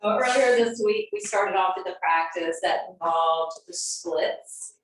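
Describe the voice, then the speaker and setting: Middle-aged yoga teacher, echoey far-off room. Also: female voice, fairly low pitch, unhurried. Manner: chatty, meandering, with frequent ums and uhs. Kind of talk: casual dharma talk before class. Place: large yoga studio. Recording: echoey studio from a distance, faint noise.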